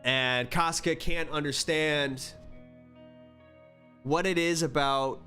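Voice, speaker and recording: A man recapping a manga story in a casual, rambling, animated way with many filler words. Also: on the high side, slow pace, soft background music. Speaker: manga reviewer.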